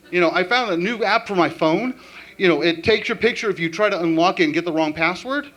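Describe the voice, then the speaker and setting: A man performing a stand-up comedy set with an animated, punchline-driven delivery. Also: high-pitched, fairly quick.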